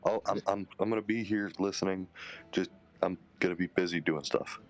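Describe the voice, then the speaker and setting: A man talking casually as a player in a tabletop game, rushed and apologetic. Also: sits low.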